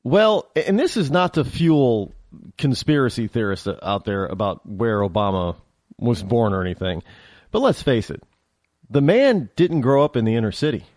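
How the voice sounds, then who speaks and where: A man's voice: mid-range voice, sing-song, normal speed, darkish tone, no echo, clean studio sound. A man hosting his own talk show, delivering a rambling, opinionated monologue with many restarts and fillers.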